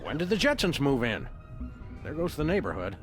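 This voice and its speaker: Give me a calm, wordy dog detective with a lively, swooping voice. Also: male voice, mid-range voice. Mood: dry. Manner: polite, measured, wordy phrasing. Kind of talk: video game voice acting. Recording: game audio under music.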